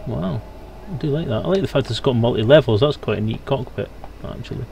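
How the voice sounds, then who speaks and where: Chatty British male streamer, Scottish-born, mid-pitched, casual live gaming commentary over faint background hiss. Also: animated, fairly quick, creaky, a little mellow. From Scotland. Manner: chatty, talks to viewers in chat as he plays.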